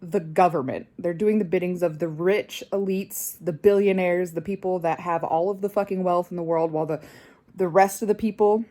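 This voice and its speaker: A woman's voice: fairly low pitch, fairly even intonation, moderate pace, mellow. A young woman vlogger delivering an angry personal rant, swearing constantly and getting more heated.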